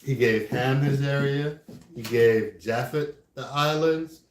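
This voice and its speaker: A man's voice: medium pitch, takes it slowly, a little hiss or hum. A man leading a religious study class. He keeps checking in with his listeners by asking "right?". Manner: frequently asks "right?". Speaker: class teacher. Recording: echoey room.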